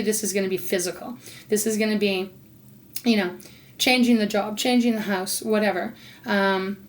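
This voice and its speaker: A woman doing an intuitive tarot reading, talking in a loose, rambling way and pausing to ask her spirit guides. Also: medium pitch. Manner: rambling, warm-hearted, talks to spirit guides between cards. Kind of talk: casual spoken tarot reading.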